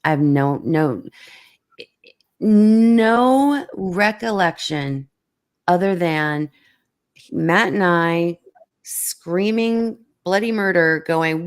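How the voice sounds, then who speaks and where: A middle-aged woman hosting a casual chat, telling a story with many restarts and acting out quotes in a higher voice. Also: animated, very slow, clear, resonant tone. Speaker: host.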